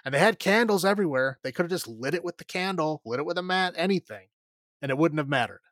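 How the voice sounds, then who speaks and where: A man's voice: a little high, lively intonation, fast talker, a bit bright, no room sound, studio quality. A man co-hosting a podcast, recapping a horror movie in a rambling way with lots of fillers and laughs. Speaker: podcast co-host. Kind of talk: casual movie recap chat.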